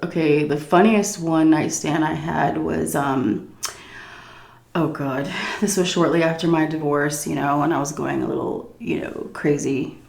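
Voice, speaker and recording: A woman's voice: sits low, steady tone, a little slow, creaky, a little mellow. Woman, middle-aged, casual Q&A, crude and candid, roomy sound. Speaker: YouTuber answering viewer questions. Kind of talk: casual Q&A chat. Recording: roomy echo.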